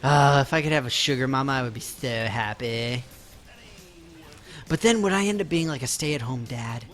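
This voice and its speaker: Bright-voiced chatty male game streamer. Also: mid-range voice, moderate pace, faint music behind. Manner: chatty and self-mocking, talking to viewers while playing. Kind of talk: casual live-stream gameplay chat.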